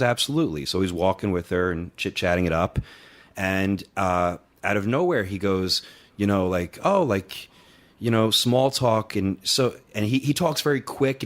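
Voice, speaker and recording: A young man co-hosting a podcast, telling a funny story in casual chat and acting out what people said. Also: on the low side. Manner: animated, acts out quotes, swears freely. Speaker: podcast co-host.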